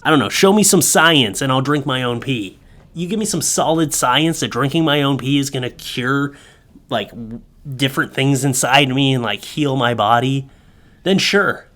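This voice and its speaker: A young man riffs through funny online posts in a loose, joking commentary. His voice sits at an average pitch, and he stays animated as he talks right to his audience. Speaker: commentary host. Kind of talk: casual comedic commentary.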